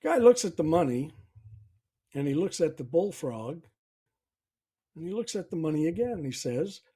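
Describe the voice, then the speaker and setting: A man's voice: a little high, very animated, moderate pace, dark tone, breathy edge. A man hosting a self-help podcast, telling a story in a folksy way. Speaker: podcast host.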